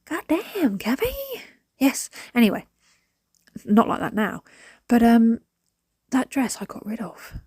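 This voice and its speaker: A woman's voice: on the high side, measured pace, pauses often, a little mellow, no room sound, studio quality. A woman in her thirties with a British accent, chatting casually to a phone camera at home while doing housework, rambling and often dropping to a whisper. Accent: British English. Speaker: vlogger. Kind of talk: casual chat while decluttering. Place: small home, indoors.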